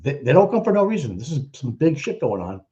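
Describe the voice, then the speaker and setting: A man's voice: fairly high pitch, very animated, quick pace, warm tone, husky. A man hosting a livestream, giving mocking, profane running commentary on trial footage. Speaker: livestream host. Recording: muffled lo-fi audio.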